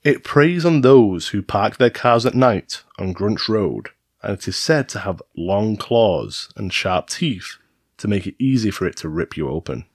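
A man's voice: on the low side, lively intonation, unhurried, no echo, clean studio sound. A man hosting a podcast, reading urban legends from a script in a teasing, storytelling manner. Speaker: podcast host. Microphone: studio mic.

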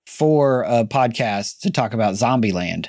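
A male podcast host asks his guests about their work. He sounds easygoing and curious, at a middling pitch, and the recording is close and dry. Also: expressive, unhurried, a little mellow, no room sound. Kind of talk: interview questions, casual.

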